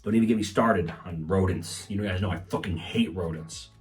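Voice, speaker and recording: Low-voiced man joking through a podcast rant. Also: moderate pace, soft background music. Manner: swears a lot, acts out quotes in raised mocking voices. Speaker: comedian podcast host. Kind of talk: rambling comedic monologue.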